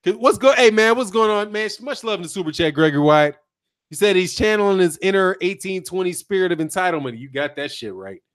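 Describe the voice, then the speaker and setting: A man's voice: high voice, fairly quick, no echo, studio quality. A man hosting a boxing channel live stream, giving slangy commentary with frequent laughs and repetitions while reading chat messages. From United States. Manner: animated, slangy, laughs often, repeats himself.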